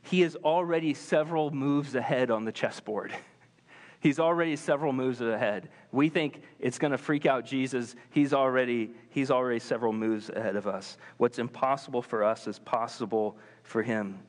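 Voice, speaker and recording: A man preaching a sermon as pastor, talking in a casual, animated way with lots of fillers. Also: medium pitch, normal speed, big-room sound. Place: church.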